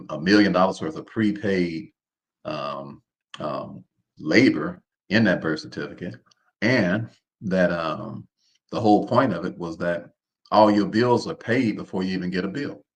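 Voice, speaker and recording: A man with a very low voice hosts a live online session. He drives his points home by repeating them and keeps asking his listeners to answer him. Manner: preacher-like, calls on the audience to respond; repeats phrases, informal speech. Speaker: host. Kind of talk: live online seminar talk.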